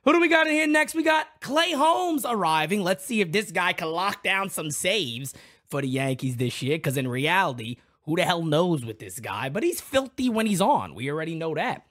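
A young man hosting a loud, excitable live reaction stream, shouting out names from the chat. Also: sits high, normal speed.

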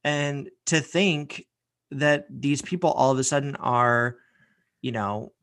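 A man's voice: medium pitch, slow, fairly bright tone, no room sound. A man hosting a podcast, giving a heated, sarcastic opinion rant full of profanity. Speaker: podcast host.

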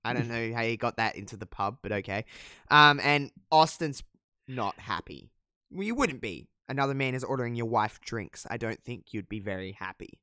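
Man, smooth clear voice, dry close sound, casual podcast chat, lots of ums. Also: medium pitch, lively intonation, normal speed, pushed and bright, no echo. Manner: chatty, profane, many fillers, laughs at own jokes. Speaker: podcast co-host recapping wrestling.

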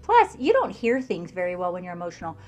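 A woman's voice: fairly low pitch, wildly swooping pitch, quick pace, a little mellow, faint music behind. Candid woman podcast co-host. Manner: candid, laughs easily. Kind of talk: casual podcast chat.

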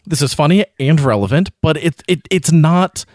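A man's voice: on the high side, animated, normal speed, darkish tone, no echo, clean studio sound. A man hosting a podcast, talking casually and animatedly about a film, rambling and swearing a bit. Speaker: podcast host.

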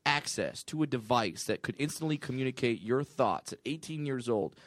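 A man with a mid-pitched voice chats casually as a guest. He rambles through his jokes and laughs often. The sound is dry and close to the mic. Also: expressive, moderate pace, no room sound. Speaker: podcast guest. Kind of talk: casual chat.

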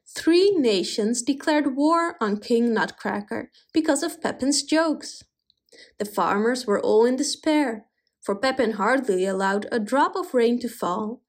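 A woman reading a fairy tale aloud in an expressive, animated way. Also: high-pitched. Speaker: storyteller. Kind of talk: storybook reading.

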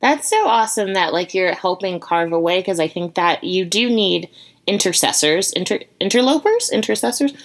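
A woman's voice: mid-range voice, lively intonation, normal speed. A woman hosting an interview, chatting casually and supportively with many fillers. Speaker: podcast host.

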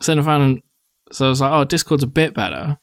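A man's voice: mid-range voice, expressive, quick pace, no room sound, clean studio sound. A young man, co-hosting a casual podcast chat, talkative and swearing freely. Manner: chatty, swears casually, acts out quotes. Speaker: podcast co-host.

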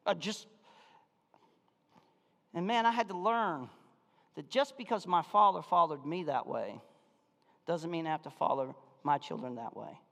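A man preaching a sermon as pastor, telling a personal story, moving between hushed reflection and loud excitement. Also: fairly high pitch, moderate pace, vocal fry, long reverb tail.

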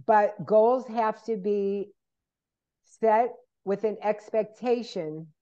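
A woman's voice: mid-range voice, takes it slowly, dull audio. A woman in casual chat, telling stories and acting out what people said to her. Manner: animated storyteller, acts out quoted people.

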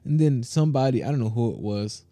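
Fast and mid-range, a man co-hosting a podcast tells stories casually, slangy and animated with plenty of filler words. He sits close to the mic, and there's no echo.

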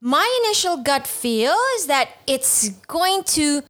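A woman co-hosting a casual podcast, chatty and quick to laugh, with rambling asides. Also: high-pitched, expressive, fairly bright tone. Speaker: podcast co-host.

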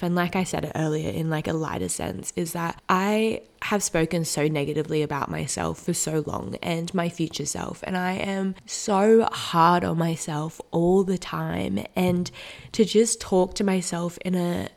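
Gravelly-voiced woman in her twenties. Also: fairly low pitch, normal speed. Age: 20s. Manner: earnest, heartfelt and self-reassuring. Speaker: podcast host. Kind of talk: solo reflective podcast monologue.

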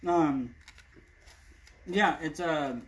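A man's voice: on the high side, very slow, a little hiss or hum, rough recording. A man co-hosting a casual chat show, easygoing, chiming in with short replies and leading new topics.

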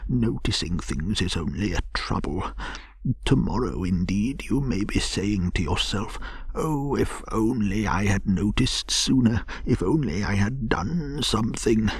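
A man voicing a languid, self-pitying male toad who pretends to be gravely ill, in a gentle bedtime storybook reading. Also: lowish voice, lively intonation, unhurried, dry recording, exaggerated voice. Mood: feebly self-pitying. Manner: feeble, sighing, melodramatic.

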